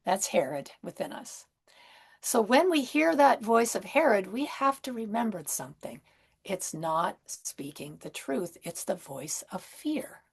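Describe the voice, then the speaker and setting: A woman minister giving a Christmas sermon in a gentle, conversational way, with soft asides and rhetorical questions. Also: mid-range voice, very animated, unhurried, vocal fry, slightly rough.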